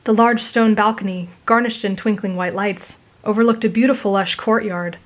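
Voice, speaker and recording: A woman narrating a romantic story gently for an ASMR audience. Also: medium pitch, steady tone, moderate pace.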